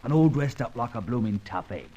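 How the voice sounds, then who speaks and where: A man's voice: medium pitch, animated, brisk, mellow, muffled recording, lightly acted. A man playing a chirpy Cockney ex-safecracker. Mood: friendly. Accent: London Cockney. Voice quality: chirpy working-class patter. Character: cockney ex-safecracker, cheerful and loyal. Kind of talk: 1940s radio drama acting.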